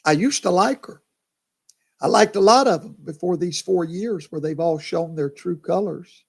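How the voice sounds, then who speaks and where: A man's voice: high voice, normal speed, gravelly, a little mellow, husky. A man, a pastor chatting casually on a livestream, tired and yawning, talking to viewers by name. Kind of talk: casual live commentary.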